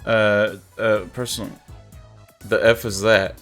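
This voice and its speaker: A young man streaming a game playthrough, reading the on-screen text aloud in a relaxed, chatty way and laughing often. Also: on the low side, takes it slowly. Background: game music.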